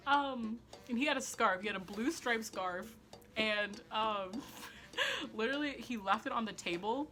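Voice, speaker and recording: A woman's voice: medium pitch, bright, forceful tone. A woman telling a casual storytime to camera, chatty and full of "like" fillers, swearing freely and laughing often. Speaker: storytelling vlogger.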